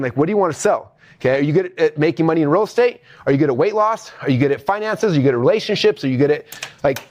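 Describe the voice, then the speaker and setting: A middle-aged man teaching as a business coach, animated, often checking in with the audience. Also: a little high. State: out of breath. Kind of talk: energetic teaching talk.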